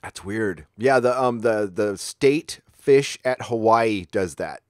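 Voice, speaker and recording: A middle-aged man from San Diego hosts a casual livestream, his voice sitting low and sounding dry and close with little room around it. He rambles through stories in a relaxed, foul-mouthed way and keeps jumping into sudden high-pitched bursts. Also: slow pace, no room sound. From San Diego, California. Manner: laid-back, profane storytelling with sudden high-pitched outbursts. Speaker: livestream host.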